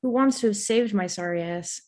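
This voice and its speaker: A woman player chatting casually during a tabletop game, playful and quick to joke about herself. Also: medium pitch, darkish tone. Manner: playful, laughing, self-deprecating asides.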